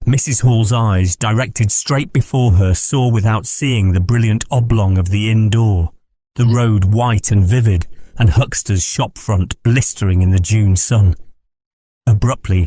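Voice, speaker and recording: A man narrating an audiobook in a measured, steady reading. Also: lowish voice.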